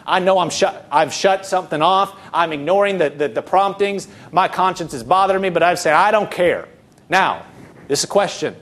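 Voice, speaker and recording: A man's voice: high-pitched, brisk, a bit bright. A middle-aged man preaching an earnest, conversational sermon, asking rhetorical questions and often restarting his sentences. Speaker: pastor.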